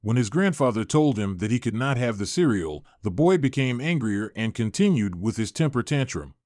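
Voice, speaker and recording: A man narrating a scripted viral story in an even, measured way. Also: mid-range voice, no room sound, studio quality.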